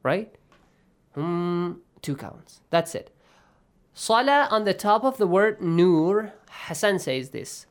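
During an online tajweed lesson, a man patiently quizzes his students by name on the rules of Quran recitation and slips into Arabic recitation. His voice is high-pitched with big pitch swings, and he speaks slowly.

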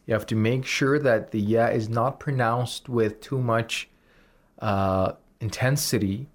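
A man's voice: medium pitch, fairly even intonation, unhurried. A man teaching Quran recitation on a radio program, explaining rules patiently and demonstrating examples.

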